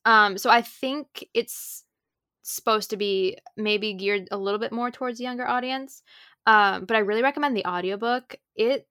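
A woman's voice: mid-range voice, sharp tone, clean tone, no room sound, clean studio sound. A woman in her twenties co-hosting a podcast, chatting casually with lots of "like" and "um". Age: 20s. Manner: chatty, filler-heavy with frequent "like" and "um". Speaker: podcast co-host. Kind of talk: casual chat.

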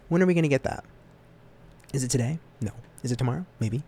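Young man, student podcast host, casual monologue, rambling, self-mocking, sudden pitch jumps. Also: fast, pauses often, dark tone, slight background noise. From United States. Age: young adult.

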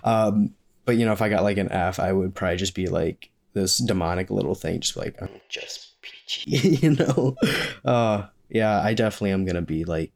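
A man's voice: sits low, a little mellow. A young man talking in a casual question-and-answer vlog, rambling and joking with frequent laughs. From Maine, US. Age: young adult. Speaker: vlogger.

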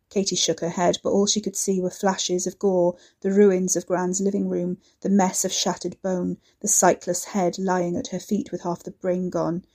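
A woman narrating a serialized fiction story in a steady, measured way. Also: lowish voice.

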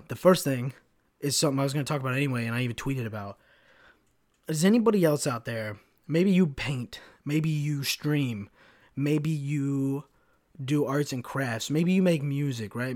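A man's voice: mid-range voice, darkish tone. A man in his twenties hosting his own podcast alone, rambling loosely, swearing often and laughing at his own jokes. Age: 20s. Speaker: podcast host. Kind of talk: casual solo podcast rant.

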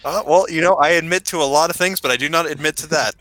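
A man's voice: on the high side, fast talker, pushed and bright, slight background noise, low-quality recording. A man who is a podcast guest, talking in a rambling, self-deprecating way with lots of fillers. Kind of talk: casual podcast chat.

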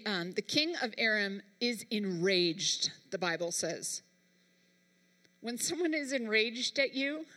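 A woman's voice: on the high side, pushed and bright, big-room sound. A woman preacher delivering a sermon, talking emphatically and straight to her congregation. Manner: emphatic, speaks directly to the congregation.

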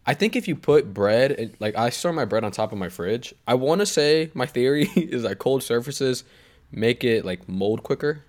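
With lively intonation, a mid-range voice, and a moderate pace, a young man co-hosting a podcast chats casually, wandering through a swear-heavy story that keeps slipping into tangents.

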